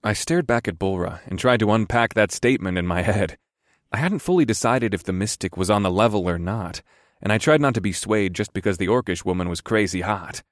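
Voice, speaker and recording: A man narrating a fantasy audiobook in the first person, measured with a wry edge. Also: on the low side, lively intonation, dry recording, studio quality.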